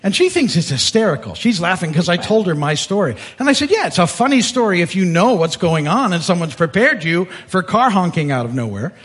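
A husky male pastor preaching to his church, with a pitch that leaps all over. He slips into high, playful voices while telling a story. His voice sits a little higher than most men's. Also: brisk, hardly any pauses. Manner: animated, jumps into high voices when telling stories. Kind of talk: sermon with storytelling.

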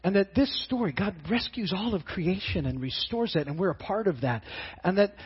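A middle-aged male pastor preaches in an earnest, halting way, his high voice husky and slightly rough. He stumbles and repeats words as he builds his point. The audio is muffled and lo-fi. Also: animated. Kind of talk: sermon.

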